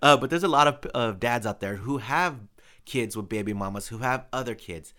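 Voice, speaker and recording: A man's voice: medium pitch, a little fast, bright, forceful tone. Blunt, emphatic man hosting a podcast. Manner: blunt, emphatic, swears casually. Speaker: podcast host. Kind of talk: casual chat.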